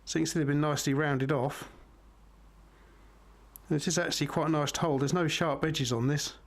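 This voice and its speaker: A middle-aged man with a slightly raised voice reviews a knife in a relaxed, unhurried way. He keeps turning to his viewers with friendly asides. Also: a little high. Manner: chatty, unhurried, addresses viewers as guys. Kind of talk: casual product review.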